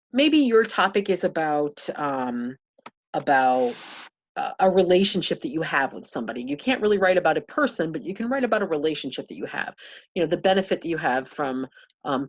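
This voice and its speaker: A woman's voice: lowish voice, muffled recording. A woman talking through a casual screen-share tutorial, thinking aloud with many fillers and restarts.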